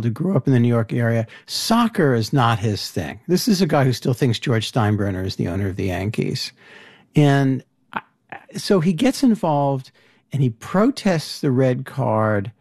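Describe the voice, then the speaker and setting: A man hosting a casual conversation, asking halting, wry questions with frequent restarts. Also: on the high side, darkish tone, no room sound, clean studio sound. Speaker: podcast host.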